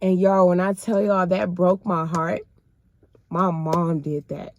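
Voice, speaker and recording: A woman recounts her faith journey in an emotional, colloquial way, calling her listeners "y'all". Her voice sits fairly low, and the recording is dry and close, with no room sound. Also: steady tone, takes it slowly, no echo, muffled recording. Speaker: person sharing her faith testimony. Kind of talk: casual personal storytelling.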